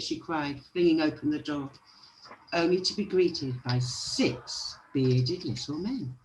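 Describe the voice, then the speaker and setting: A storyteller reading a children's picture book aloud with expressive delivery. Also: mid-range voice, slow, a little hiss or hum, poor audio.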